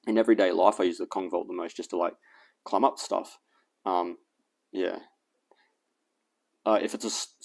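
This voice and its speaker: A man's voice: low voice, gravelly, a little mellow. An Australian man whose accent has drifted toward American, hosting a fitness channel in a casual, rambling vlog rant that is full of self-corrections and chuckles. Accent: Australian mixed with American.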